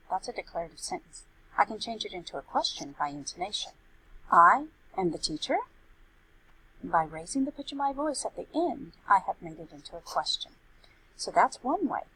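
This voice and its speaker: A woman as a Spanish teacher, explaining grammar in a clear, explanatory tone and reading example sentences aloud. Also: lowish voice, fairly bright tone, slight background noise, rough recording. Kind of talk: recorded grammar lesson.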